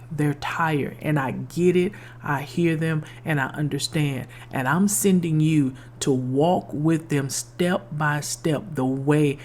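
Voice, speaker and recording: A woman's voice: low voice, a little mellow. A middle-aged woman hosting a podcast, telling a personal faith story in an earnest, testimonial way and repeating lines for emphasis. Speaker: podcast host.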